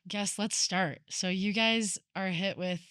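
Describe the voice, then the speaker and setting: A woman's voice: medium pitch, fairly even intonation, slow pace, a bit bright, no room sound, studio quality. A woman hosting a podcast, talking casually and filling her speech with "like" as she shares a personal story. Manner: chatty, lots of "like" fillers, trails off mid-thought. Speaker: podcast host. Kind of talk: casual conversation.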